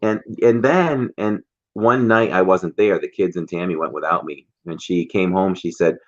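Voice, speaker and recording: A man's voice: deep voice, normal speed. A man co-hosting a casual livestream, telling teasing stories and laughing often. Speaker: livestream co-host. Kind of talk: casual chat. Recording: dull lo-fi stream audio.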